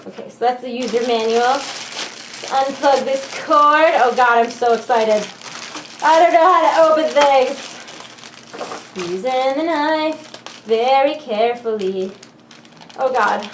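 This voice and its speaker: A young woman with a high voice chatters giddily through an unboxing, joking and muttering to herself as she fiddles with the packaging. She is picked up by a camera mic in an echoey room, with a faint hiss behind her. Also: measured pace. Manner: giddy, jokey, talks to herself while fiddling with the box. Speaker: unboxing vlogger. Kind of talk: excited casual unboxing talk.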